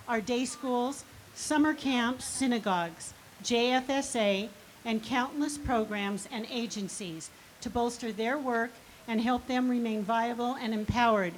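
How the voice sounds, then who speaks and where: A woman reading an even, list-like summary of achievements at a charity event. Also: on the high side, a little hiss or hum, rough recording.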